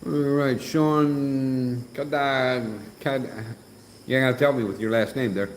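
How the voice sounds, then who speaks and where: In an echoey recording with faint background noise, a man hosts a casual livestream. His mid-range voice stays steady and unhurried as he reads comments and jokes around in a teasing, chatty way.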